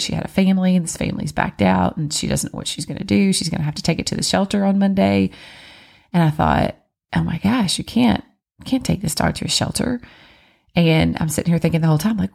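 Low, gravelly-voiced chatty mom. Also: female voice. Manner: chatty and animated, acting out quotes. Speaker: mother of four. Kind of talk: casual personal storytelling.

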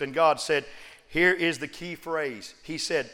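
A man preaching a sermon, joking one moment and shouting emphatic refrains the next. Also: fairly high pitch, measured pace. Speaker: pastor. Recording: long reverb of a large hall.

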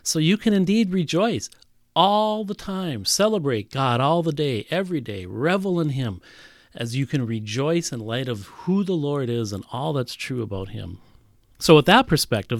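Animated male preacher, close dry mic. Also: mid-range voice, normal speed, no echo. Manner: animated Bible teaching with emphatic repetition. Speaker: pastor. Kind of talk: sermon.

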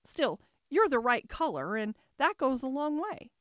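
A woman's voice: high voice, very animated, measured pace, no echo, studio quality, pitched above the performer's own voice. A woman voicing a severe, condescending female rose flower in a storybook reading. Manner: prim, condescending.

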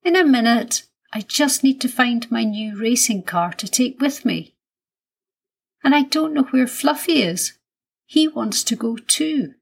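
A small, eager boy chatters about his toys and his plans, as a woman reads him aloud. The voice sits well above her own and stays soft and breathy, paced slowly for a storybook. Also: on the high side, expressive, voice pushed up, heavily acted. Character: small shy excited young boy.

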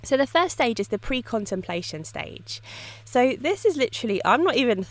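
A woman hosting a casual solo podcast on dog training, telling stories in a lively way and often laughing. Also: fairly high pitch, moderate pace, no echo. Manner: lively storytelling with frequent laughs.

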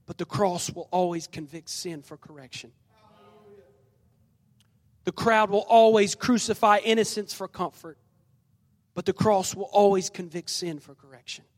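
A male pastor with a high-pitched voice preaches to his congregation, swinging between loud calls and hushed lines as he acts out the scripture. His voice rings through a reverberant church sanctuary. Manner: preaching with call-and-response and dramatic scripture reading. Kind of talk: sermon. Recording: long reverb of a large hall.

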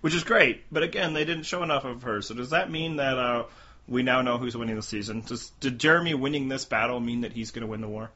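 A man's voice: mid-range voice, fast talker, bright, forceful tone. A man co-hosting a podcast in casual chat, wry and teasing with strong opinions. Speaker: podcast co-host. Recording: dull lo-fi audio.

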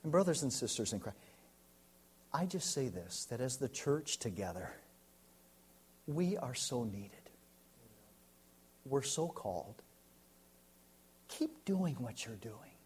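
An American man, a pastor, preaching a sermon and telling a story, swinging from loud to hushed. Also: mid-range voice, big pitch swings, takes it slowly, pauses often, breathy edge. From United States.

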